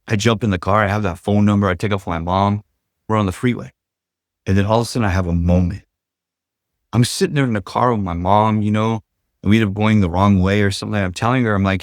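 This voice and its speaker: A man's voice: fairly low pitch, brisk, no room sound, clean studio sound. A middle-aged man from Southern California telling his life story in a loose, casual way, full of "like" and "you know".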